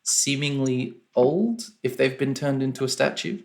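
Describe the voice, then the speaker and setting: A man acting as game master of a tabletop game, narrating at a measured pace and thinking aloud as he describes things. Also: medium pitch, vocal fry.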